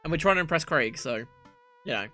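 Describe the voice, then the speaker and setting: Playful, bright-voiced man streaming a game. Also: a little high, lively intonation, fast talker. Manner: playful, swearing, stumbling over words, laughing. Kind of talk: reading a dating game aloud on stream.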